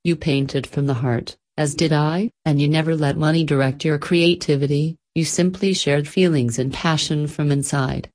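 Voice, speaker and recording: A painted mentor come to life, a proud and earnest male artist who gives encouragement, as a woman reads him. His voice is low and steady. It is storybook narration. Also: natural voice.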